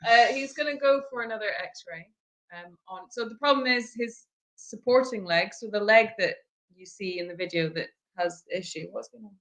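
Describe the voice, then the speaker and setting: A woman's voice: medium pitch, moderate pace, fairly bright tone. A woman co-hosting a sanctuary livestream, explaining an animal's treatment in a plain, practical way. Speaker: animal care co-host. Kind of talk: casual livestream chat.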